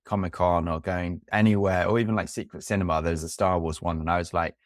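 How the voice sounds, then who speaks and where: A man's voice: low-pitched, fairly even intonation, quick pace, no room sound, studio quality. A man co-hosting a casual film podcast, rambling with many restarts and fillers. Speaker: podcast co-host.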